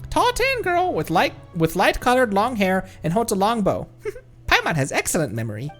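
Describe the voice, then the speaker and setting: A man's voice: high-pitched, wildly swooping pitch, normal speed, fairly bright tone, faint music behind, pitched above the performer's own voice, heavily acted. A man voicing a small, chirpy female travel companion who bargains for food and reward. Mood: bouncy. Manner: bouncy, greedy for food and reward.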